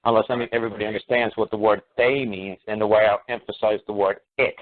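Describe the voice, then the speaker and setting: A man's voice: fairly low pitch, flat delivery, fast. A man talking insistently on a radio talk show, firing off repeated rhetorical questions that grow heated. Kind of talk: emphatic call-in radio talk. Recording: tinny phone-line radio audio.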